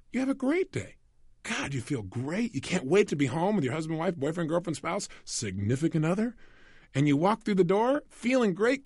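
A male motivational coach talks straight to the listener, with a high voice that swoops up and down as he goes. He slips into quick little voices to act out scenes. The sound is close and dry, with no room at all. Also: husky, dry recording. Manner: animated, asks the listener rhetorical questions. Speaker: self-help coach. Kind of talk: motivational audio program lecture.

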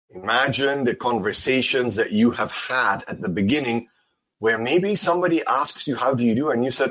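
A man's voice: mid-range voice, animated, moderate pace, a bit bright, slightly rough. A man teaching an English lesson in a casual, playful way, acting out little dialogues with exaggerated voices. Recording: slightly dull, lo-fi sound.

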